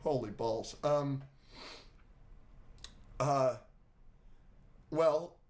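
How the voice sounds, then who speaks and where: A man co-hosting a podcast, chatting excitedly about a film, gushing and swearing freely. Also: mid-range voice, extremely slow. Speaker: podcast co-host. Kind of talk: casual film review chat.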